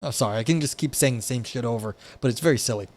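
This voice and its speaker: A young man races through philosophy readings on a live stream, reacting with wry, profane asides full of "like" and restarts. His medium-pitched voice is a little mellow, and he's indoors at a desk by a window.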